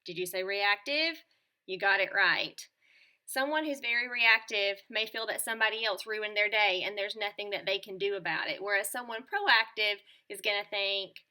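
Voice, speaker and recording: A woman teacher presenting a scripted lesson to children in a clear, upbeat and encouraging tone. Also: medium pitch, normal speed, pushed and bright. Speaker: teacher presenting a school morning show lesson.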